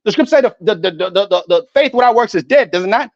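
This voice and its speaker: Angry high-voiced man ranting. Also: animated, fast talker, no echo, dull audio. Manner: angry, profane, preachy, quotes scripture. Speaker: online street preacher. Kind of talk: ranting religious monologue.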